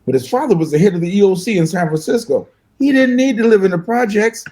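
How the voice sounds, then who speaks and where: An older man, a guest musician, telling animated, fast-paced stories in an interview and acting out the voices of the people in them. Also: sits high, poor audio. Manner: fast-talking, acts out voices in his stories, laughs often.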